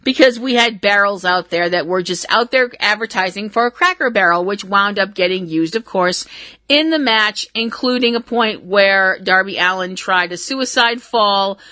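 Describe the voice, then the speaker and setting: A woman's voice: medium pitch, moderate pace, bright, forceful tone, dry recording. A woman hosting a wrestling podcast, recapping a match in a giggly, irreverent way, with casual swearing.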